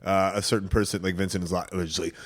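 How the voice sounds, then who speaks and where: A man's voice: sits low, level tone, fast. A man hosting a podcast, chatting casually with a guest, laughing often and rambling through loose restarts. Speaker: podcast host.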